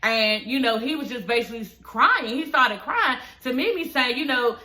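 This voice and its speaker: Woman w/ a high sharp voice ranting about reality tv, cussing a lot, aligners in her mouth. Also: normal speed. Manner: animated, profane, talks straight to viewers. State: talking with dental aligners in. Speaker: YouTube reality TV reviewer. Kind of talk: casual reaction recap.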